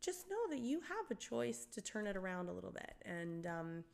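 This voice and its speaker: A middle-aged woman telling a story in casual chat, animated, acting out quoted voices, laughing often and swearing. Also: medium pitch, moderate pace, gravelly.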